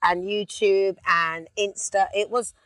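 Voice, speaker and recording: A middle-aged woman with a London accent, chatting as an interview guest inside a car, telling lively stories and breaking into snatches of song. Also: medium pitch, slow, no room sound. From England. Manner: animated storyteller, sings snippets. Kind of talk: relaxed casual chat.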